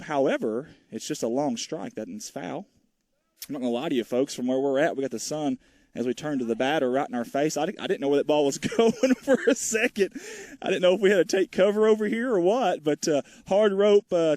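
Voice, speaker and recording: A folksy man calls a small-town baseball game outdoors, rambling and joking with viewers between pitches. His voice sits at an everyday middle pitch and sounds a little winded. The sound is dry and close. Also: a little mellow, no room sound. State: out of breath. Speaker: play-by-play commentator. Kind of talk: folksy live baseball commentary.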